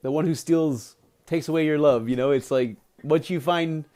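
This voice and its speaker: A man's voice: a little high, moderate pace, warm tone. A man streaming live, reading a book aloud with chatty, playful asides to his viewers.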